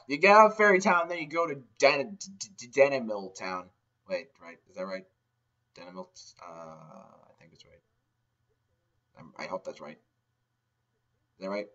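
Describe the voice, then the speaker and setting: Rambling, sarcastic man with a lively voice. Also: mid-range voice. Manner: rambling, sarcastic, swears a lot. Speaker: game ranter. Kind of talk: comedic game recap rant. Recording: lo-fi dull mic.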